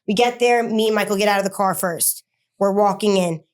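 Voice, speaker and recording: A woman speaking at an ordinary middle pitch tells her own story as an interview guest. She stumbles through fillers and restarts, then hurries into quick bursts of words. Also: clear, resonant tone. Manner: halting, many fillers and restarts. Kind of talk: personal story told in an interview.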